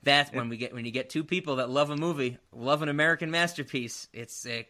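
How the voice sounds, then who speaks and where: A man hosting a casual movie podcast, animated, laughing and swearing freely. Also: mid-range voice, quick pace. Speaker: podcast host. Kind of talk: casual movie review chat.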